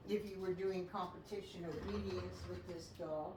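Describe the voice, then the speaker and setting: A woman dog trainer coaching a session, calmly instructing and breaking into high, excited praise for the dog. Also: moderate pace. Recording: echoey, distant mic, faint noise.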